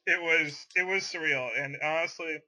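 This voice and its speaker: A man's voice: a little high, fairly even intonation, normal speed, pushed and bright, poor audio. A man co-hosting a casual podcast, rambling through his day and repeating words as he goes. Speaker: podcast co-host. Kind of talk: casual chat.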